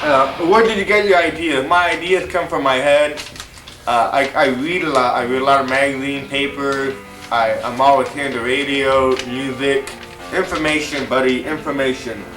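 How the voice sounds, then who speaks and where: Brief: rambling male show host, boastful, voice set far from the mic in a roomy space, guitar music loud behind. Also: medium pitch, steady tone, moderate pace. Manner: rambling, boastful, playing both sides of a debate. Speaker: TV show host answering a viewer letter. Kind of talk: rambling talk to camera.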